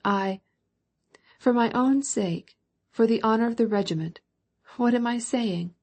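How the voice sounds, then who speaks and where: A woman's voice: on the high side, a little slow, a little mellow, voice pushed up. A woman reading the part of a proud young male count who pleads with emotion. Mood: pleading.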